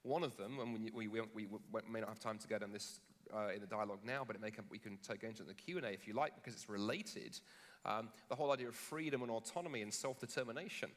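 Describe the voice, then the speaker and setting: A man, a Christian philosopher, debating in front of a live audience; jet lagged, he tells jokey, animated stories full of restarts. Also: lowish voice, fast talker. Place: large conference hall on stage. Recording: long hall reverb.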